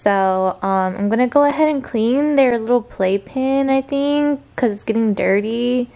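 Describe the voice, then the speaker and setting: A woman's voice: on the high side, measured pace, gravelly, dark tone. A tired young woman, chatting through casual vlog updates about her pets and stretching her fillers. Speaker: vlogger.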